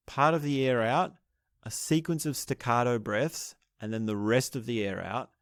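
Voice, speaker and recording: A man teaching breathing techniques in a slow, measured way, explaining each step and pausing to restart his phrases. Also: lowish voice, no room sound, clean studio sound. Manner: explains step by step, demonstrating laughter breathing aloud. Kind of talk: spoken lesson on breathing techniques.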